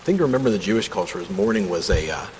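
A man's voice: deep voice, expressive, rapid-fire, darkish tone. A man leading a casual Bible study from home, reading passages and commenting with enthusiasm in a conversational way. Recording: long reverb, faint background hum.

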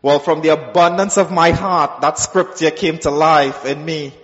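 A man telling his personal testimony to a church, acting out the voices in his story and dropping soft and low when quoting God. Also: steady tone, moderate pace. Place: church sanctuary. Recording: dull sound with long hall reverb.

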